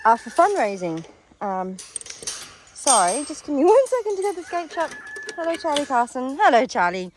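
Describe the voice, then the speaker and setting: A woman with a lively, bouncing, fairly high voice gives a casual walkaround of a farm sanctuary, cooing baby talk at the animals as she goes. She records outdoors on a handheld phone. Chickens, roosters and turkeys can be heard clearly behind her. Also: a little hiss or hum. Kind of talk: casual vlog narration. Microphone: handheld phone while filming.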